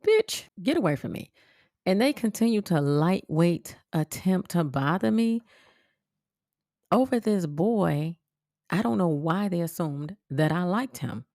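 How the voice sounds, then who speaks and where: A woman podcast host telling a personal story in a blunt, profane, animated way. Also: fairly low pitch, a little slow, no echo, clean studio sound. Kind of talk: casual storytelling monologue.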